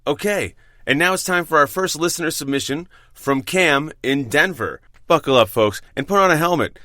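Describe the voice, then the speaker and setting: A man, a bartender who hosts a podcast, telling a story with wry, heavily profane narration and dramatic pauses. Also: a little high, pushed and bright, dry recording, studio quality.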